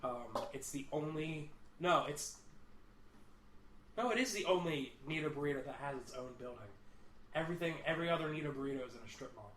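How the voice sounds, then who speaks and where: A man's voice: fairly high pitch, animated, a little fast, a bit bright. A man co-hosting a casual podcast, rambling and swearing freely. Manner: rambling, swears casually, half-sings song lines. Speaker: podcast co-host. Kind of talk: casual chat. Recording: echoey room with faint noise.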